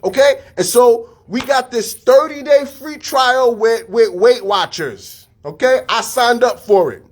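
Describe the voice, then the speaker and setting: A man giving a casual motivational talk, energetic and full of street slang, repeating his phrases. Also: very high voice, measured pace. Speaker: fitness studio staff and podcast host.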